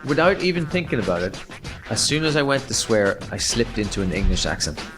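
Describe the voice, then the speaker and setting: A man's voice: mid-range voice, big pitch swings, over music. A man with an Irish accent co-hosting a podcast in a casual, rambling chat, often restarting his sentences. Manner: rambling, halting, many restarts. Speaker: podcast co-host.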